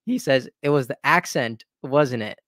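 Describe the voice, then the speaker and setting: A man's voice: mid-range voice, moderate pace, a bit bright, dry recording, clean studio sound. A man hosting his own commentary channel, talking in an opinionated, conversational way and restarting his sentences. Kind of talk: casual political commentary.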